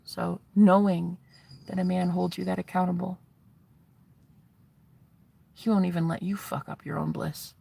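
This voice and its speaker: A woman vlogger speaks to her viewers in a casual spiritual vlog monologue, candid and profane, rambling emotionally and interrupting herself to restart sentences often. Her voice is fairly low, gravelly, and dark with a breathy edge, showing little pitch movement, a slightly slow pace, and frequent pauses.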